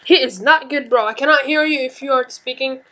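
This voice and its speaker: Young woman, higher register, excitable gaming commentator, cusses a lot. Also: a little fast, poor audio. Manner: loud, excitable, swears often. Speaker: gaming channel host. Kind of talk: casual gameplay commentary.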